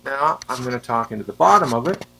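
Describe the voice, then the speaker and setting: A man's voice: medium pitch, animated, fast talker, gravelly, bright, forceful tone, low-quality recording. A man reviewing a wireless microphone, asking the viewer plainly whether they can hear his voice and the fan. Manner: plain, asks the viewer questions. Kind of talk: product test vlog. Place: indoor room with a fan running. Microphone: wireless handheld mic being tested. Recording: faint fan hum.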